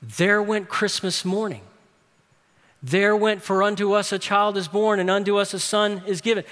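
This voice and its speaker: A male pastor preaching a sermon, swinging from loud urgent peaks to hushed low asides. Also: normal speed, big-room sound. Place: church sanctuary.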